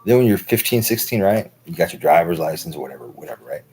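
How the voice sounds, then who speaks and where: A man's voice: sits low, lively intonation, fast talker, vocal fry, darkish tone, poor audio. A man in his thirties talking through a long, profane, rambling monologue for his stream, full of filler words. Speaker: livestream host.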